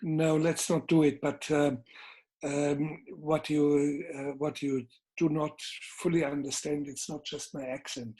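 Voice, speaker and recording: An older man with a Bavarian German accent, a filmmaker guest in an interview, speaking in measured, deliberate, emphatic phrases. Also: a little high, level tone, warm tone. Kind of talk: interview conversation.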